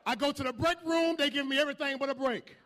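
High-pitched male preacher, call-and-response sermon, swings from low murmurs to shouting. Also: quick pace.

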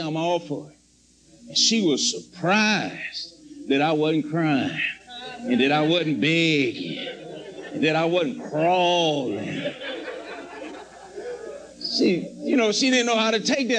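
High-voiced man preaching a testimony. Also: lively intonation, a little slow, fairly bright tone, poor audio. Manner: storytelling, acts out his own past words and prayers; pleading prayer voice, rising to fervent exclamations. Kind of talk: sermon testimony.

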